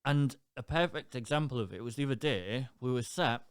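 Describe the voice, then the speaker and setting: Young man, podcast co-host, smooth clear voice, dry close sound, lively storytelling. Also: medium pitch, a little fast, dry recording. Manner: animated storytelling, swears freely. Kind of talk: casual chat.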